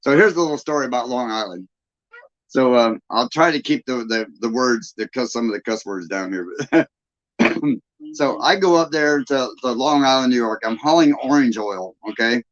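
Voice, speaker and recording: A man's voice: mid-range voice, animated, moderate pace, lo-fi sound. A man with a Southern US accent hosting a live stream, telling rambling stories in a casual, chuckling way. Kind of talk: casual storytelling chat.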